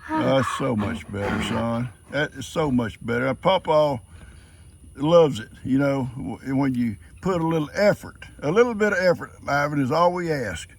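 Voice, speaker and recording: A man's voice: mid-range voice, moderate pace, slight background noise. An older man, chatting casually to his farm animals and viewers outdoors. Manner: folksy, talks sweetly to his animals. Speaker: farm vlogger.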